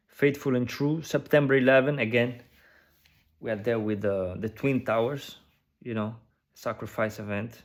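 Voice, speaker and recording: A man's voice: medium pitch, steady tone. Musing man reading off a list. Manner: musing, speculative, lists phrases one by one with many pauses; conversational, leans on "you know" and "right?". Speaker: video creator decoding an advertisement. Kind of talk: casual commentary.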